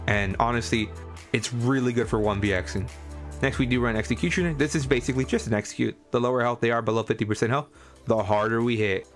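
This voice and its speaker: Chatty guy walking through a game build, excited, chuckles a lot, medium pitch, faint music behind. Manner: enthusiastic, chatty, chuckling often. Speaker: gaming content creator. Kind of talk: casual game build guide voice-over.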